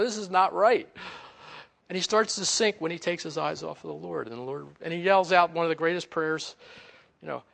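A man's voice: on the high side, gravelly, a bit bright. A man preaching a sermon, telling a Bible story with acted-out quotes and frequent laughter. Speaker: pastor.

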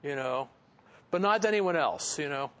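A man's voice: fairly high pitch, animated, moderate pace, fairly bright tone. A man preaching a sermon in a casual, conversational way, with chuckling asides and frequent fillers. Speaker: pastor. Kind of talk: expository sermon.

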